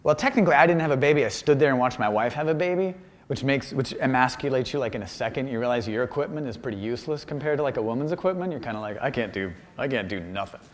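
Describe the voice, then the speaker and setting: A man giving a humorous public talk about his paintings in a university auditorium, animated and self-deprecating. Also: medium pitch, racing, in a large hall. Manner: animated and self-deprecating, acts out quoted voices. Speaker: visiting artist giving a lecture.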